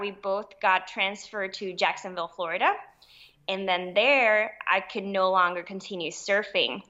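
Woman, podcast guest, chatty, bright, slightly muffled audio. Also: mid-range voice. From Puerto Rico. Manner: chatty, laughs easily. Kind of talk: casual interview chat.

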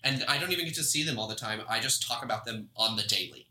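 Gushing male co-host, brilliant tone, mid pitch, casual banter. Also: quick pace, bright, forceful tone, reverberant, low-quality recording. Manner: enthusiastic, gushing. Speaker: podcast co-host. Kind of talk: casual chat.

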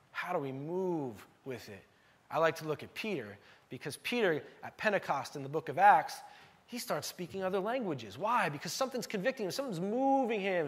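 Male pastor in his thirties, high-pitched, lively conversational sermon delivery, checks in with the congregation. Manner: animated, conversational, addresses congregation with "y'all".

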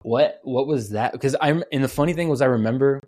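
A young man hosting a podcast, telling excited stories with lots of swearing and slang. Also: mid-range voice, brisk. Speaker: podcast host. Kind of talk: casual chat.

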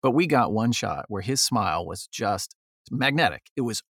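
Animated gravelly-voiced man telling stories. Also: lowish voice, normal speed, dry recording, studio quality. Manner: animated, acts out quotes. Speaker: guest, photographer. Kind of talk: casual interview talk, storytelling.

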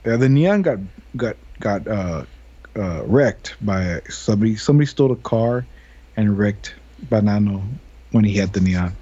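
A man's voice: lowish voice, expressive, normal speed, dark tone, slightly rough. A man hosting a podcast, telling rambling stories casually, laughing often and swearing freely. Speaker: podcast host. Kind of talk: casual chat. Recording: dull lo-fi sound.

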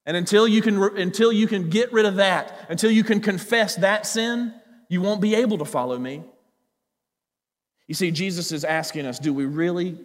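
A male pastor preaching a sermon, animated, swinging between loud emphasis and quiet low asides. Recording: hall with long reverb.

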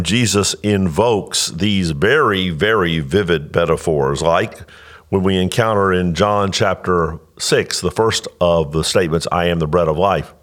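A man's voice: deep voice, fairly bright tone. A male pastor teaching about scripture in an earnest, explanatory way, often restarting his sentences. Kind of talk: teaching Bible talk.

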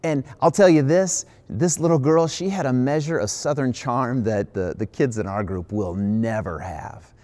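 A man from the American Midwest preaches in a relaxed, conversational way, leaning hard on key phrases. He keeps circling back with quick asides as he teaches from scripture. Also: mid-range voice. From Midwestern United States. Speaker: pastor. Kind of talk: sermon.

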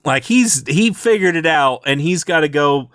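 A man co-hosting a podcast, casually recapping a tabletop game session and acting out the characters' lines in quick, animated asides. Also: on the high side, smooth, dry recording, clean studio sound. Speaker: podcast co-host.

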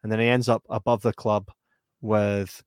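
A man co-hosting a casual film review chat, animated, often acting out lines from the film in put-on voices and laughing. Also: lowish voice, moderate pace, clean tone, dry recording. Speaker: podcast co-host.

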